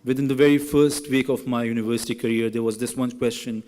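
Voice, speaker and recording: Speaking quickly in a mid-range, darkish voice with fairly even intonation, a young graduating student addresses a large hall from a podium mic. His ceremony speech starts out earnest and turns to playful teasing of classmates, and the room is reverberant.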